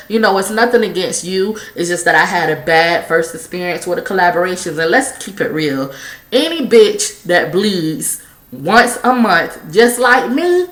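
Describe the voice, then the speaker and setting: A woman's voice: lowish voice, roomy sound. A woman vlogging candidly while smoking, blunt and profane, coughing now and then. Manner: blunt, profane, animated storytelling. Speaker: YouTube vlogger. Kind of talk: candid smoking-vlog monologue.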